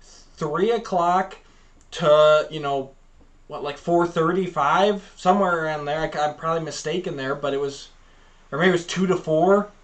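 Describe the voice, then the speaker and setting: A man's voice: fairly high pitch, moderate pace. A man co-hosting a podcast, rambling animatedly through childhood memories in casual chat with many fillers. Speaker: podcast co-host.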